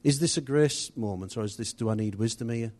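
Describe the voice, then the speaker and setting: A man leads a church group in a loose, conversational teaching style. His voice is mellow and warm, and he rambles with asides and restarts as he gives instructions. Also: medium pitch, brisk. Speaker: church leader.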